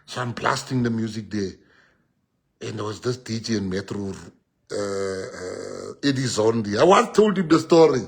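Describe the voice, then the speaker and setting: A South African man, a party leader addressing his supporters in an impassioned speech that swings from loud exhortation to hushed personal storytelling. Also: lowish voice, moderate pace, vocal fry, slightly rough. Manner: animated, switches between shouting and hushed storytelling.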